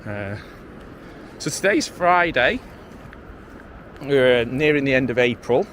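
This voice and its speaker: A man's voice: medium pitch, very animated, slow, a bit bright. A man rambling casually to a handheld camera and his dog while walking on a beach. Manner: rambling, self-mocking, talks to his dog. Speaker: vlogger. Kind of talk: casual walking vlog chat. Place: windy beach outdoors. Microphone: handheld pocket camera. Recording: faint wind and outdoor noise.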